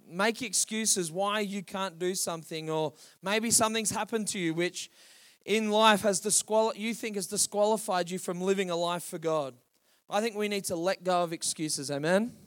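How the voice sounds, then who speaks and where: A man preaching a sermon as pastor, rallying the congregation with calls and questions. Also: high-pitched.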